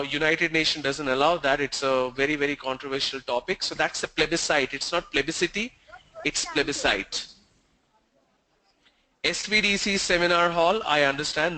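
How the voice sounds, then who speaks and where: Brief: man, pronunciation trainer, slightly high voice, sharp explanatory delivery. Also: rough recording. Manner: explanatory, slow stressed examples. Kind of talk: online training session.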